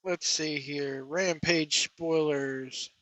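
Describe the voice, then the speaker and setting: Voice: mid-range voice, steady tone, very slow, a bit bright, no echo, low-quality recording. A wrestling vlogger delivering a sarcastic, profane rant to viewers. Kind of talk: ranting commentary to camera.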